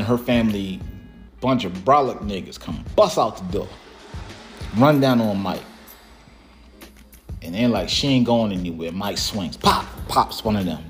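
Low-voiced man, relaxed and profane, storytelling casually over faint music; chuckles between lines. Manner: profane, laid-back and laughing.

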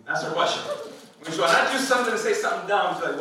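A man's voice: high-pitched, expressive, normal speed, sharp tone, recorded from a distance, slight background noise. A man in his thirties preaching a sermon in a playful, conversational way, full of rhetorical questions to the congregation. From Hispanic background. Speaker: pastor. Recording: echoey hall, speaker off-mic.

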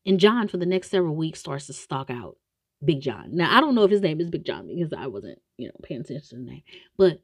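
A woman casually retelling a story with comedy, slangy and animated, with many asides. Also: deep voice, quick pace, slightly rough, no echo, clean studio sound. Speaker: show recapper.

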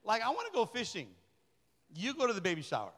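A middle-aged man, a pastor, delivering a lively, colloquial sermon that repeats key phrases. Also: high-pitched, quick pace. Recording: long reverb of a large hall.

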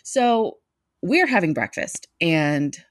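A woman tells a comic personal story to a live audience, mocking herself as she goes. Her voice sits a little low but swings widely in pitch, lively from phrase to phrase. The sound is close and dry, with no room around it. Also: takes it slowly, dry recording. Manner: animated, self-mocking, laughs mid-sentence.

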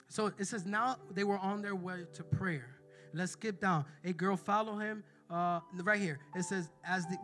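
Guy preaching a sermon, high forceful voice, keeps asking the crowd stuff, bit of music behind. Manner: emphatic, calls out to the congregation.

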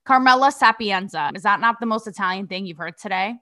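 This young adult woman from Connecticut hosts a podcast, giving a casual commentary monologue in a medium-pitched, brisk, sharp voice. Her take is blunt and sassy, packed with swearing and rhetorical questions.

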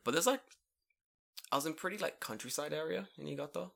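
Fast-talking man cursing through a podcast chat. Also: fairly high pitch, gravelly. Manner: fast, profane, animated storytelling with put-on voices. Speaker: podcast co-host. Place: home recording room.

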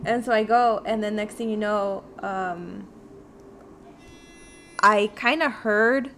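A woman's voice: mid-range voice, slow pace, a bit bright, slight background noise. A woman on a podcast telling a story in casual chat, acting out her own quotes and swearing freely. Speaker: podcast guest.

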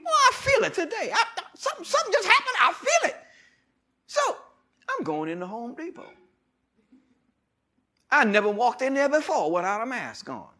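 A male pastor preaching a sermon, moving between loud shouts and quiet asides, leading the congregation in call-and-response and telling stories with laughter. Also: extremely high pitch, normal speed, pauses often. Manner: animated preaching, swings from loud shouts to murmurs.

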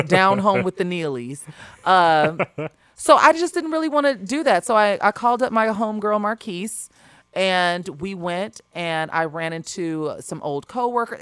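A woman's voice: mid-range voice, a bit bright, no echo. A woman co-hosting a studio chat, talkative and emphatic, laughing often as she tells stories. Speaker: podcast co-host. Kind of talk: casual chat.

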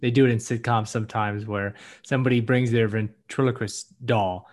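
A man in casual podcast chat, relaxed and agreeable, laughing easily. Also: medium pitch, moderate pace. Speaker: podcast co-host.

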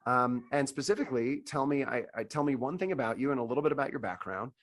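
A man with a scratchy, hoarse voice from laryngitis, hosting a casual panel over a video call and often restarting his sentences. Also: medium pitch, quick pace. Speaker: host.

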